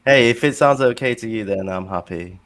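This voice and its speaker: A man's voice: fairly low pitch, fairly quick, a bit bright. A British man as a podcast guest, modest and a little nervous, hesitating with fillers. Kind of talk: casual chat.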